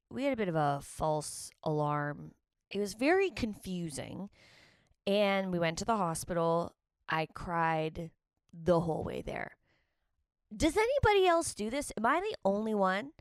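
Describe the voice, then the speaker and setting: A woman's voice: lowish voice, clear, resonant tone, no echo. A pregnant woman vlogging casually, talking candidly and emotionally, rambling as she goes. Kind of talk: casual confessional vlog.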